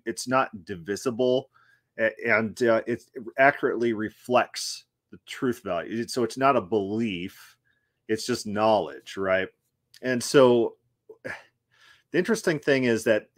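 Low-voiced man critiquing casually. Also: no room sound, clean studio sound. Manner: conversational, restarts, laughs while critiquing. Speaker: host. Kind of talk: casual commentary.

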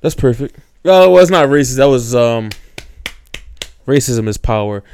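A man co-hosting a casual podcast, playful with quick comic jabs. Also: mid-range voice, expressive, darkish tone, clear, resonant tone. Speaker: podcast co-host.

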